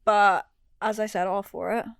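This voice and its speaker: A woman's voice: medium pitch, steady tone, normal speed, creaky, clean tone, no echo. Casting: young woman, frank, giggly co-host, dry close mic. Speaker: podcast co-host. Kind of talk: casual chat.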